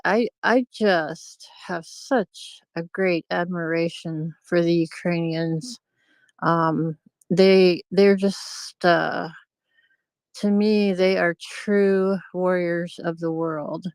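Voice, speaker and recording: A woman guest on an online audio chat, talking slowly and earnestly. Her voice is smooth and clear and stays flat in pitch, and the recording sounds dry and close. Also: dry recording. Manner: halting, earnest, many restarts. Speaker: guest speaker. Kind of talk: casual chat.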